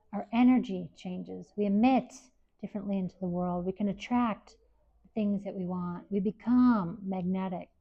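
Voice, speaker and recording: A woman presenting a workshop to a live audience at an expo, speaking gently and encouragingly. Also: medium pitch, normal speed. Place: event hall with live audience. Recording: dull lo-fi recording.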